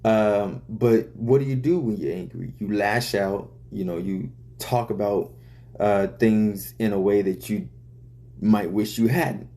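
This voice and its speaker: A man's voice: lowish voice, a little slow, mellow. A man, a rapper, casually explaining the story behind his song's lyrics in loose, profane talk full of fillers.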